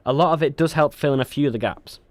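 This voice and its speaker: A man's voice: fairly high pitch, fast talker, dry recording. A young man co-hosting a podcast in casual chat, rambling with frequent ums and restarts. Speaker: podcast co-host.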